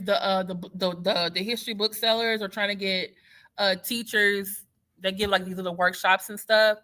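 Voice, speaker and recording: A woman with a Texas Southern drawl chats loosely on a livestream, her tone bright and sharp. She jumps between tangents and lands sarcastic asides with a teacher's ease. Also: mid-range voice. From Houston, Texas. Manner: animated, sarcastic, digressive. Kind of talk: casual livestream commentary.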